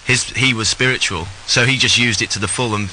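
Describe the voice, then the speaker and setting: A man's voice: medium pitch, fairly even intonation, a little fast, sharp tone, slight background noise, poor audio. A man from Britain with a British accent, chatting easily as a guest actor on a radio show. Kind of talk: casual chat.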